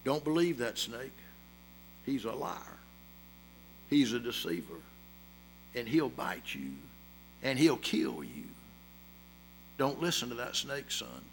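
A man's voice: mid-range voice, big pitch swings, slow, creaky, long pauses, slight background noise, voice pushed down, heavily acted, poor audio. A man voicing a shepherd father in a sermon story, giving his son an earnest warning. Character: stern caring shepherd father.

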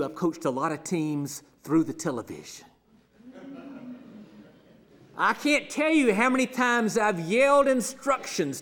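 A pastor delivers a sermon in a high-sitting male voice, swinging between ringing declarations and hushed near-whispers. His cadence is measured and repetitive.

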